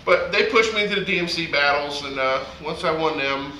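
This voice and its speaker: A man guest DJ telling stories in an animated, profane way, acting out quotes in a casual interview. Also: fairly high pitch, brisk. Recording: echoey room, faint noise.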